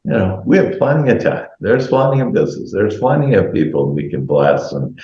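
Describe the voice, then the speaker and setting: A deep-voiced man hosting a group video call with lively, swooping intonation. He praises and encourages members in a casual way. His voice sounds roomy and a little dull, like call audio. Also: brisk. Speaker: host leading a group call.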